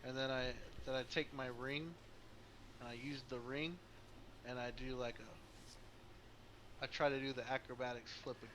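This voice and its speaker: Brief: male player, rambling, animated, noisy recording. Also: mid-range voice, measured pace, pauses often. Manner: rambling, animated, lots of fillers. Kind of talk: tabletop game chat.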